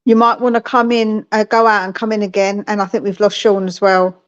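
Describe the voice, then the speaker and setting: A woman's voice: mid-range voice, level tone, a little fast, lo-fi sound. A woman co-hosting a live chat, speaking in a direct, practical way. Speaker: co-host.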